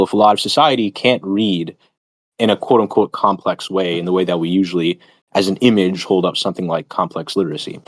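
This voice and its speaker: A man with a low-leaning voice hosts a stream, chatting informally about philosophy and the academic world. His talk rambles and lectures through frequent digressions and fillers, and there's no echo.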